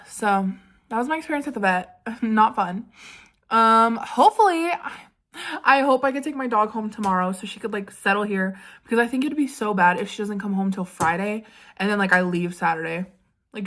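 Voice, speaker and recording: A woman's voice: mid-range voice, animated, a little fast, a bit bright. A young woman vlogging in a chatty, dramatic way, leaning on "like" as she tells a story. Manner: chatty and dramatic, heavy use of 'like'. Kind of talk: casual storytelling vlog.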